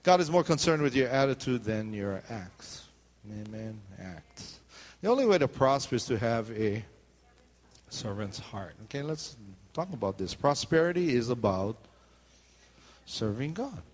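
A man's voice: mid-range voice, big pitch swings, a little slow, long reverb tail. A man preaching a sermon as pastor, joking and calling out for responses from the congregation. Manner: joking, calls out for "amen" responses.

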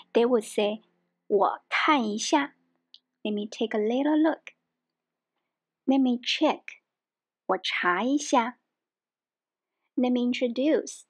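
Woman as a video language teacher. Unhurried and methodical, with a raised pitch. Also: breathy edge. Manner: slow, careful explanations with example phrases.

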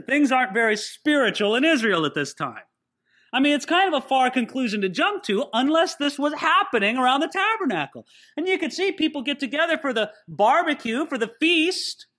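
A man's voice: very high voice, sharp tone. A man as a pastor teaching a sermon through a Bible passage, conversational and emphatic, with joking asides.

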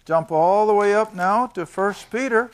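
An older man teaching a Bible lesson to a class. He reads verses slowly, asks questions and answers them himself, and stresses his points with emphasis. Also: high voice. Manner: reads scripture slowly, then explains it.

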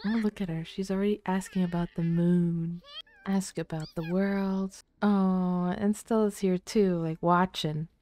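A soft-spoken woman narrating a game playthrough in casual commentary. Her voice is low, mellow and unhurried, and she often drops into near-whispers. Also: steady tone. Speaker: let's play host.

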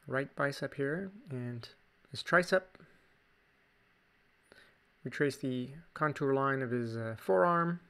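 Gravelly Canadian man teaching drawing. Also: medium pitch. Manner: relaxed, chatty, jokey asides. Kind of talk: casual drawing tutorial narration.

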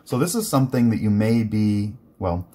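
Low-voiced casual man teaching German. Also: moderate pace, breathy edge. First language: English. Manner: chatty, relaxed, with many fillers. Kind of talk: casual guided reading lesson.

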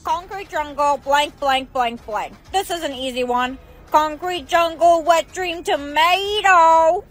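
A cocky, overconfident schoolboy in a text-to-speech storytime, read by a woman's synthetic voice. The voice is very high and evenly machine-paced. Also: expressive, a little slow, few pauses. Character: cocky schoolboy guessing song lyrics badly.

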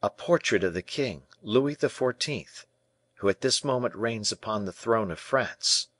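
A man's voice: fairly low pitch, expressive, unhurried, fairly bright tone, no room sound, pitched above the performer's own voice. Young captive, raised pleading voice, despairing, read by a man for an audiobook. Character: anguished young male royal prisoner.

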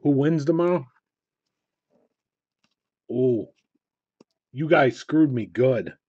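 A man breaking cards live rips packs and reports what he gets, mumbling to himself between hushed remarks and thrilled call-outs. His voice is slow and husky, the recording lo-fi with no room sound.

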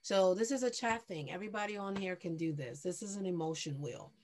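A woman with a low voice runs a poetry workshop over a video call. She responds to each reader with affirming praise and talks in an easy, conversational way before guiding the group through the next exercise. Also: a little fast, darkish tone, a little hiss or hum. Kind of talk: leading an online workshop.

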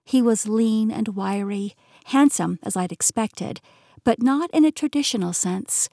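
A woman narrating a novel in first person with lively storytelling, recorded close in a recording booth. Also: a little high, measured pace, creaky, dry recording. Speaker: audiobook narrator. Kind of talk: scripted narration. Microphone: close studio mic.

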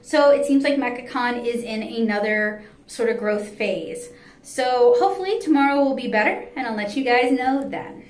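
A woman's voice: fairly high pitch, moderate pace, slight background noise. A woman comic artist giving a casual, candid vlog recap from her artist alley table. She talks in a chatty way with frequent "um" fillers and sounds tired. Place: artist alley at an indoor anime convention. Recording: echoey hall with a faint crowd.

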